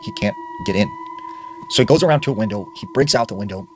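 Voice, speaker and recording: A man's voice: on the low side, expressive, fast talker, over music. A man narrating a creepy tale in a dramatic storytelling manner.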